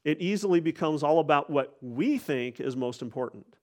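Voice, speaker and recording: A man's voice: on the high side, animated, normal speed, a little mellow. A man preaching a sermon in an earnest way, often restarting and repeating words as he goes.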